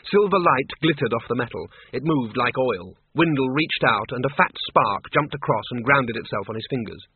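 A man reads a comic story aloud in a dry, wry manner. His voice is husky and mid-pitched. The recording is dry and thin, like a phone line. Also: animated, normal speed, no echo. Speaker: narrator. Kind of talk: audiobook reading.

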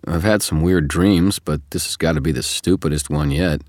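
Audiobook: weary sarcastic wizard, gruff, very low voice, as a man reads him. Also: moderate pace, a little mellow, dry recording, studio quality. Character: tired, sardonic male wizard hero. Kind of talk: audiobook character reading.

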